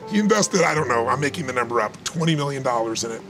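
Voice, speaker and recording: A man's voice: mid-range voice, expressive, fast talker, over music. A man giving motivational talk in conversation, emphatic and repetitive, telling stories to make his point. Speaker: motivational speaker.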